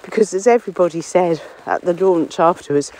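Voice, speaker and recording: On the low side, a little fast and mellow, a woman's voice narrates a spoken diary as she walks outdoors among trees on a windy common. She's a local author and podcast contributor, slightly out of breath, rambling and self-deprecating. She uses a phone or portable recorder without headphones, and the recording is rough.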